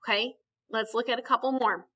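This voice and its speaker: A woman's voice: a little high, fairly even intonation, a little fast, sharp tone, slightly rough. A woman teaching a Spanish grammar lesson in a recorded video, explaining patiently step by step and checking in with frequent okays.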